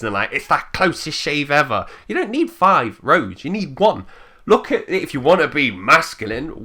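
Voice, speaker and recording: A man talks straight to camera in an opinionated rant, blunt and full of swearing. His voice is bright and forceful, and his pitch leaps around a lot as he mocks other people's views. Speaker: channel host.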